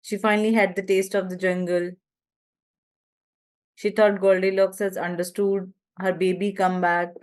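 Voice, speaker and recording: South asian english woman answering in a webinar, flat voice, kind of halting. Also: mid-range voice. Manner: halting, searching for words. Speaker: webinar participant.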